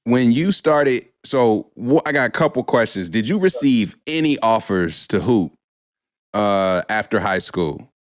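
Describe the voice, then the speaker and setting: A male podcast host asks questions in a relaxed, conversational way and keeps the talk moving with short replies. The recording is close and dry, with no room around the voice. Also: fairly low pitch, a little slow, no echo. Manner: conversational, many short backchannels. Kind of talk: casual interview.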